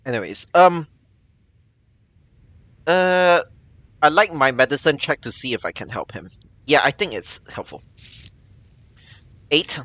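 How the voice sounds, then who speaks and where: A man streaming himself reacting to a game live, wildly expressive, with laughing asides and squealing outbursts. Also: on the high side, measured pace, pauses often, no room sound.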